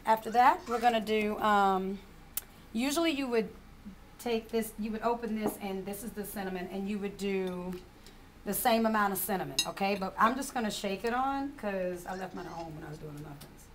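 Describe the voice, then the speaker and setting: A woman's voice: medium pitch, moderate pace. Woman host with an African American accent, chatty demo voice, distant mic, clattering dishes behind. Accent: African American Vernacular English. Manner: chatty, laughing, addresses group as y'all. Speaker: demonstrator. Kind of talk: live cooking demonstration. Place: room with a group, kitchen sounds. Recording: distant mic with room noise.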